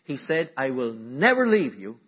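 Husky male preacher, sermon in a church, swings between forceful exhortation and low asides, dull lo-fi recording. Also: very animated, unhurried. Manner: swings from loud emphatic exhortation to quiet asides.

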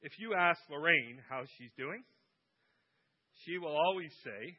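A man's voice: a little high, animated, normal speed, highs cut off. Man preaching with jokes. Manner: humorous storytelling with quoted voices. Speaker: guest preacher. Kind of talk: sermon. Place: church.

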